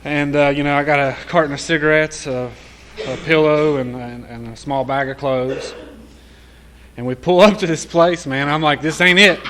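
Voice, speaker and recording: A man's voice: fairly high pitch, steady tone, normal speed. A man sharing his recovery story in casual, profane storytelling, often laughing as he talks.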